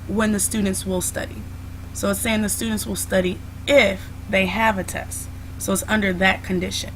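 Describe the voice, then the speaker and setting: A woman's voice: mid-range voice, a bit bright, a little hiss or hum, rough recording. Patient woman teacher explaining grammar. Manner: patient, explains step by step with many "so"s. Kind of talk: classroom video lesson.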